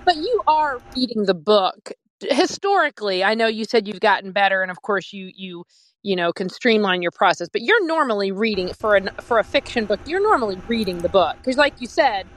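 A woman's voice: medium pitch, expressive, a little fast, dry recording, rough recording. A woman co-hosting a podcast, chatty and thinking aloud as she follows up on a question. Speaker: podcast co-host. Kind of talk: casual podcast chat.

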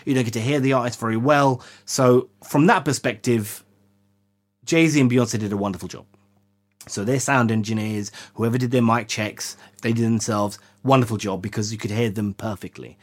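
A man's voice: medium pitch, steady tone, moderate pace. Guy cohosting a podcast, just chatting, kinda rambly. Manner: chatty, self-interrupting. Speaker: podcast co-host. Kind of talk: casual chat.

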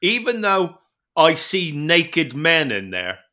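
A man's voice: fairly high pitch, very animated, takes it slowly, bright, forceful tone. A man co-hosting a podcast, trading crude jokes in casual chat. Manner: joking, crude banter. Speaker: podcast co-host.

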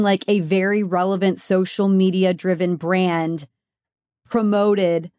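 A woman co-hosting a beauty podcast in casual chat, talkative and quick to laugh and tear up. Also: on the low side, a little mellow, no room sound, clean studio sound. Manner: chatty, gets emotional and laughs through tears. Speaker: podcast co-host.

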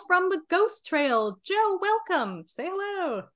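A woman hosting a beer podcast in casual chat, chatty and quick to restart her sentences. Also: very high-pitched, big pitch swings, a bit bright. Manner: chatty, repeats words and restarts often. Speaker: podcast host.

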